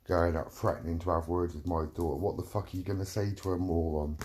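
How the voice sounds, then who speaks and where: A man's voice: low voice, little pitch movement, fast talker, hardly any pauses, a little mellow, slight background noise. A middle-aged man delivering a heated, profane rant, repeating himself as he vents. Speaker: vlogger. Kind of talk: angry ranting monologue.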